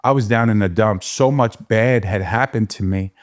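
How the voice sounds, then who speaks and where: A man's voice: fairly low pitch, moderate pace. A man being interviewed as a guest, telling his life story in a candid, emphatic way. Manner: candid, emphatic, gets emotional. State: emotional, near tears.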